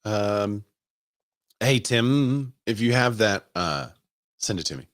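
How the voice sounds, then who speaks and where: A man's voice: lowish voice, lively intonation, slow, fairly bright tone, dry recording, clean studio sound. A man who works as a real estate agent, hosting a casual live stream and thinking aloud as he asks viewers for their opinions.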